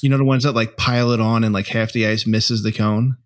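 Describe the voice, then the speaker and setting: A man's voice: lowish voice, steady tone, brisk. A man co-hosting a podcast, chatting casually with teasing jokes and swearing. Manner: teasing, profane, jokey. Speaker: podcast co-host. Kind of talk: casual chat.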